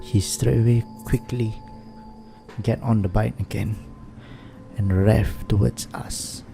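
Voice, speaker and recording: A man, reading a viewer's ghost story aloud as the host, in a measured and suspenseful way. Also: on the low side, steady tone, gravelly, over music. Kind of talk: slow storytelling narration.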